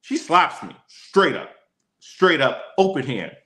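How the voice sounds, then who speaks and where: Bright-voiced man teaching law casually. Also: fairly high pitch, sing-song, slow pace, echoey room. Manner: casual, chatty, addresses his co-host by name often. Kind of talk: casual livestream law lesson.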